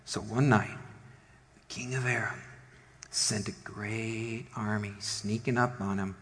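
A man preaching a sermon as a pastor, retelling a Bible story and acting out its characters with lively voices. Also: lowish voice, takes it slowly. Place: church sanctuary. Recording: long hall reverb.

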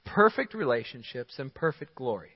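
A man's voice: medium pitch, sing-song, moderate pace, breathy edge. A man preaching a sermon as pastor, emphatic, giving short commands and chuckling at his own points. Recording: dull sound in a large hall with long reverb.

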